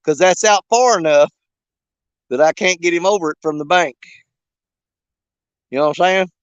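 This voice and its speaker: Out on a riverbank, a man with a high voice chats during a fishing livestream, joking and rambling in a folksy way at normal speed. His tone is clean, though the recording is dry and dull.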